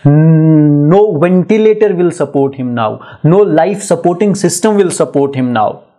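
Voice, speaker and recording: A man's voice: on the high side, expressive, measured pace, dark tone. A man giving a poetry lecture in an emphatic, repetitive style full of rhetorical questions. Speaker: literature lecturer. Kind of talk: poetry lecture mixing English and Hindi.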